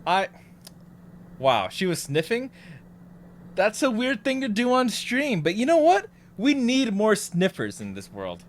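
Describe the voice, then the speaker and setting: A man's voice: high-pitched, huge pitch swings, measured pace. A man live-streaming a horror game, chatting with viewers and yelping and swearing when scared. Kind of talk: casual live-stream chat while playing a horror game.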